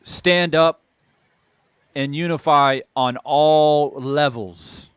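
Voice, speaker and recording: A man's voice: fairly high pitch, extremely slow, clear, resonant tone, dry recording. Man ranting in a dry close voice. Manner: ranting, emphatic, repeats phrases for stress. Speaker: boxing channel host. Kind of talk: heated opinion monologue.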